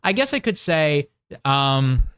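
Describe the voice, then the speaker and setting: A man's voice: a little high, sing-song, slow, a bit bright, clean tone, no echo, studio quality. A young man hosting a livestream, ranting casually about politics in a rambling, profane way with many fillers and restarts. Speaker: livestream host.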